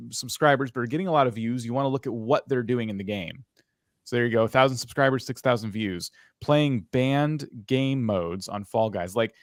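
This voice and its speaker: A man's voice: medium pitch, dry recording, clean studio sound. Frank casual male channel reviewer. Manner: casual, frank, thinking aloud. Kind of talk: live channel review chat.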